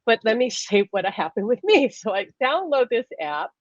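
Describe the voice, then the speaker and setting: A woman hosting a live stream, telling stories in a lively, casual way and laughing often. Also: a little high, moderate pace, no echo. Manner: animated storyteller, laughs often. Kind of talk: casual chat. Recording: dull lo-fi stream audio.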